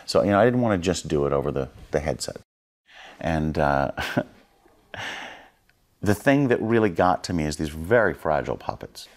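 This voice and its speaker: A man, a creature effects artist, recalling a film shoot in a documentary interview, animated and laughing at himself as he acts out what people said. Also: rumbling low, normal speed, pauses often.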